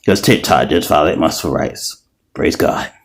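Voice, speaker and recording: A man's voice: rumbling low, normal speed, creaky. A man in an angry, profane vlog rant, repeating himself and stumbling over words as he talks heatedly. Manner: profane, heated, repetitive ranting; stumbling restarts. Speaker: video creator.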